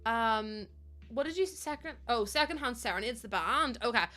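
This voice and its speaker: A young woman chatting casually to her stream, full of "like" and quick laughs. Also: fairly high pitch, lively intonation, pushed and bright, soft background music. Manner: chatty, laughs often, lots of "like".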